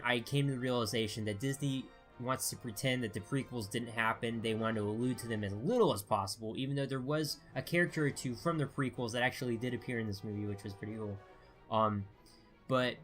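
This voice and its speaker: A man talks through a casual review in a middle-pitched voice. He rambles, restarts his sentences and fills the gaps with "um" and "you know". Quiet music plays underneath. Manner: rambling, full of fillers and restarts. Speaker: video reviewer.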